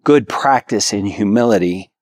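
A man's voice: on the low side, moderate pace, a little mellow, dry recording, studio quality. A man co-hosting a podcast, giving earnest, instructive marriage advice and speaking directly to the men listening. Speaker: podcast co-host.

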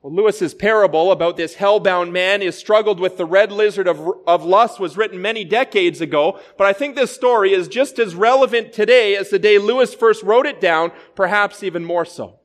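Pastor guy with a fairly high voice, reading a story slow and steady in a sermon. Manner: measured storytelling delivery.

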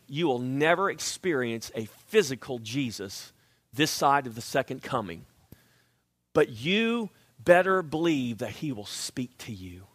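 A man preaching a sermon, animated and emphatic, sometimes dropping to a hush. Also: sits high, dry recording, clean studio sound. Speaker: pastor.

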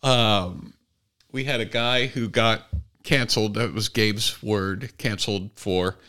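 A man co-hosting a podcast in casual chat, throwing in quick jokes. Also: fairly low pitch, steady tone, pushed and bright. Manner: joking, quick quips. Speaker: podcast co-host.

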